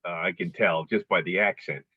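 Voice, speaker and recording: A husky man in his fifties rambles through stories as a podcast guest, joking at his own expense and often restarting his sentences. The recording sounds a little dull and lo-fi, and it is dry and close. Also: deep voice, fairly even intonation, moderate pace, no room sound. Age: 50s. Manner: chatty storyteller, self-deprecating humor, many restarts. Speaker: guest, coaching client. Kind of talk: casual podcast conversation.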